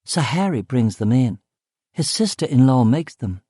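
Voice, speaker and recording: A man's voice: medium pitch, very animated, normal speed, mellow, breathy edge, dry recording, clean studio sound. A male narrator voicing a cheerful young woman office worker in an audiobook, speaking in a lifted, eager tone. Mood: bright, chatty.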